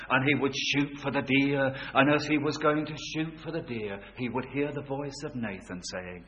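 Male preacher with a bright, forceful tone, dramatic swings in loudness, muffled lo-fi recording. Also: medium pitch, moderate pace, hardly any pauses. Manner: dramatic, swings from hushed to loud and back. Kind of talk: sermon. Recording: dull lo-fi recording.

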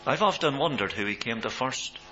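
A man preaching a sermon, swelling in pitch and loudness for emphasis, on a dull recording with mains hum. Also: animated, fairly quick.

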